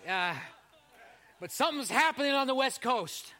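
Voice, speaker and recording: A man's voice: extremely high pitch, animated, moderate pace, bright, forceful tone. A man from Canada, a pastor delivering a sermon in a chatty, joking way that teases the congregation. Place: church service before a congregation.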